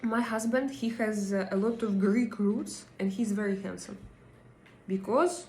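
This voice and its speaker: A woman's voice: mid-range voice, unhurried, darkish tone, reverberant. A woman with a Russian accent, hosting a casual live stream, chatting with her viewers and reading their comments, with many fillers and hesitations. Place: home in Denmark.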